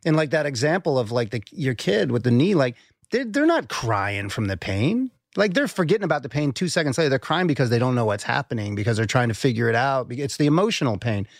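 Gravelly man talking earnestly. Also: mid-range voice, sing-song, brisk, dry recording, clean studio sound. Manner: earnest, reflective, swears casually, repeats words when starting. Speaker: guest. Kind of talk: conversational podcast talk.

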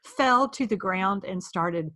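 Animated woman telling a family story. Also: mid-range voice, slow. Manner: animated, acting out quoted dialogue. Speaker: podcast host. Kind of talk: casual storytelling chat.

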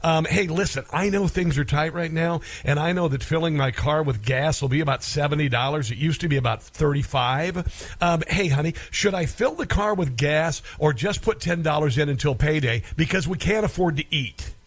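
A man's voice: on the high side, normal speed, close to an everyday voice. A man voicing a hard-up driver who phones his wife from a gas pump and sounds worried and pleading.

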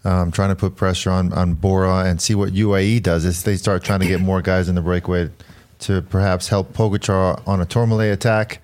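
A man co-hosting a cycling podcast, a former pro racer who tells stories quickly with an easy laugh. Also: deep voice. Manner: quick, laughing, animated storyteller. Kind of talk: casual chat.

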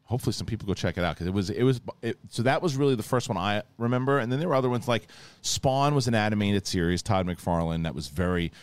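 A man with a fairly low voice hosts a casual podcast chat. He retells episodes in long, rambling runs, restarting often and acting out the quotes as he goes. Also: lively intonation, fast talker, smooth, dry recording. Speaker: podcast host.

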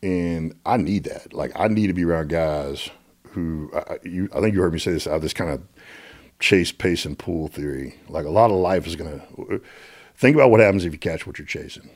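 Deep husky American man telling stories. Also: a little fast. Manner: animated, repeats words when excited. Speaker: guest. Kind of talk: casual storytelling interview.

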